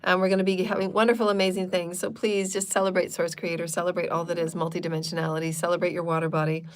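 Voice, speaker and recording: A woman's voice: fairly low pitch, little pitch movement, fast, slight background noise. A woman hosting a live channeled spiritual talk, speaking in repetitive, chant-like affirmations and loose, chatty asides. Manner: chatty and loose, with frequent fillers.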